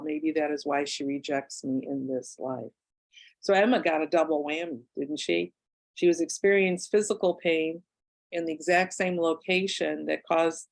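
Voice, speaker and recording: Here a low-pitched woman with vocal fry, heard over a rough recording, tells a book club about a client's case. She writes books and does past-life regression, and her storytelling wanders with asides and filler words.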